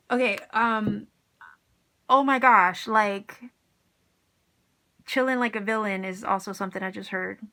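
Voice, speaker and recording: A woman's voice: mid-range voice, bright, forceful tone. A woman giving a casual tarot reading to her viewers, enthusiastic and encouraging, with plenty of slang. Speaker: tarot reader.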